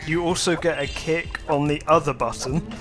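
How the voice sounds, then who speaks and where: Slightly high and fairly even in intonation, another man hosts a let's play, offering casual remarks on his game. His delivery is halting, with frequent ums and stretched-out pauses, all over loud background game music.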